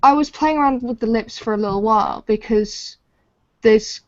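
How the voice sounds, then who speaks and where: A woman's voice: fairly high pitch, normal speed, no echo, lo-fi sound. Chatty woman artist, laughing podcast co-host. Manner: chatty, laughs often, trailing restarts. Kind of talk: casual chat while drawing.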